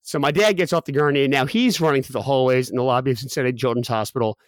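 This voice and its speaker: A man in his thirties, a podcast guest, telling a personal story quickly with many restarts and fillers. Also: medium pitch, no echo. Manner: rapid, with frequent restarts and fillers.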